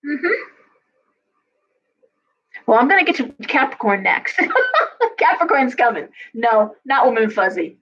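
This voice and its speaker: A woman's voice: on the high side, animated, measured pace, long pauses, a bit bright, dull audio. A middle-aged woman giving a casual live-stream tarot and astrology reading, talking bluntly to her viewers and swearing freely when fired up.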